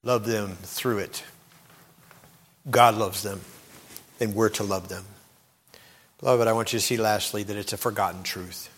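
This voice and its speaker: A man preaching a sermon, telling a story dramatically and swinging between loud and hushed moments. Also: lowish voice, steady tone, a little slow, pauses often, slightly rough, long reverb tail. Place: church.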